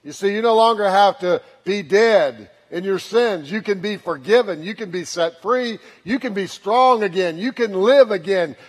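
High-voiced pastor preaching in a hall. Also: male voice. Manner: conversational, lightly joking preaching that builds to fervent calls. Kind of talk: sermon. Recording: long hall reverb.

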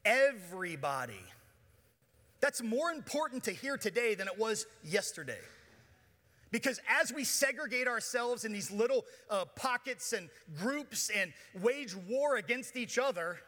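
Bright high-voiced man preaching in a hall. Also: big pitch swings, a little slow. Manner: playful, joking with the congregation. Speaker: pastor. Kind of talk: sermon. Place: church auditorium. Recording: long church hall reverb.

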